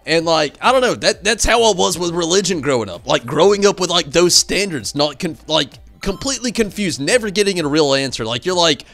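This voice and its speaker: Male streamer, casual rambling storyteller, gravelly, fairly high voice. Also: fairly quick, few pauses, faint music behind. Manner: rambling, animated storytelling with fillers. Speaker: game streamer. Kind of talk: casual chat while streaming.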